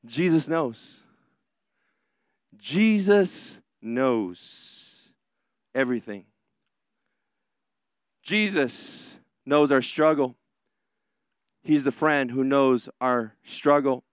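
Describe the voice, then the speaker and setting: A man preaching a sermon as pastor, drawing out key lines slowly and rushing through asides. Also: fairly high pitch, dry recording, studio quality. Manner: preaching with slow, drawn-out emphatic lines and quick asides.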